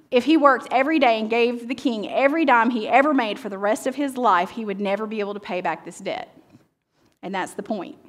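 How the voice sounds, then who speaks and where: A woman teaching pastor giving a sermon, reading scripture dramatically and asking the audience questions. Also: a little high.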